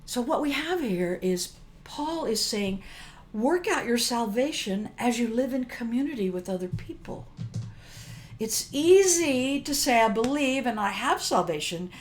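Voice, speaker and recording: A woman's voice: a little high, animated, a little slow, slight background noise. An older woman giving a casual devotional teaching, chatty and emphatic, often breaking off mid-phrase to restart. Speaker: worship teacher.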